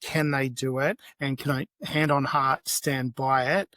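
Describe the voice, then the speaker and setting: A middle-aged man, a chef as podcast guest, telling animated anecdotes with many restarts. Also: mid-range voice, measured pace, no room sound. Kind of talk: podcast interview, storytelling.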